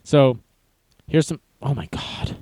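A man's voice: medium pitch, takes it slowly, warm tone, no room sound. A man casually reading news aloud and adding wry, jokey asides as an online commentator.

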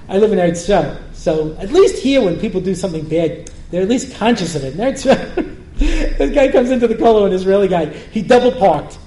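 A man's voice: extremely high pitch, dark tone. A man giving a humorous Torah lecture as a rabbi, joking and often asking the audience questions. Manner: joking, asks the listeners questions again and again. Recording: roomy hall with faint noise.

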